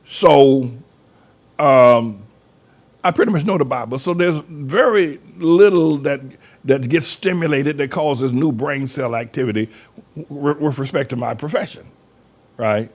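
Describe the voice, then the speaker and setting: A man's voice: mid-range voice, a little slow. An older man preaching a folksy sermon as pastor, from North Carolina, acting out quoted voices as he talks.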